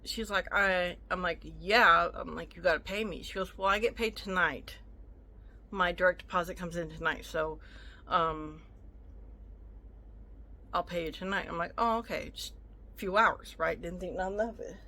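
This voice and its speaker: A woman's voice: on the low side, moderate pace, sharp tone. A woman telling a storytime rant to her viewers, indignant and sassy, acting out both sides of an argument. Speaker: vlogger.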